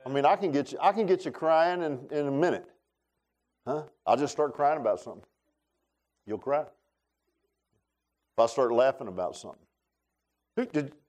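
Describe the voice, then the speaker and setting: In a church, a male pastor preaches with folksy, animated energy, addressing the congregation head-on. His voice dips into low asides and climbs into high shouts.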